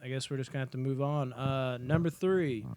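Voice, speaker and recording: A man's voice: mid-range voice, a little fast, clean tone, no room sound. A man co-hosting a casual movie podcast, talking animatedly and swearing freely as he ranks his favorite films. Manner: animated, swears freely, acts out scenes in put-on voices. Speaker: podcast co-host. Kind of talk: casual movie ranking chat.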